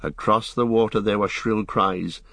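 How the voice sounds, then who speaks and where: Man, audiobook narrator, steady storytelling, low pitch, dry recording. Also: unhurried, vocal fry, no room sound. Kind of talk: scripted narration.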